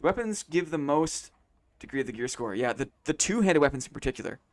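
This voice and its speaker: Man, game streamer, relaxed chatter, fairly high voice, bouncy intonation, faint music behind. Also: fairly quick. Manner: relaxed, chatty, repeats phrases to himself. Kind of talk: casual live-stream chat.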